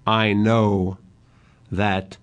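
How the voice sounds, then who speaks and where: An older man giving a literature lecture, speaking slowly and deliberately and reciting verse lines with emphasis. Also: fairly low pitch, little pitch movement.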